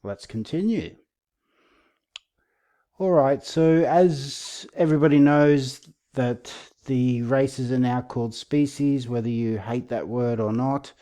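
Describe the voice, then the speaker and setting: Male video host, warm low-key tone, easygoing sarcastic delivery. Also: slow pace. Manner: relaxed, self-aware, a bit sarcastic. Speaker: channel host. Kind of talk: casual commentary video.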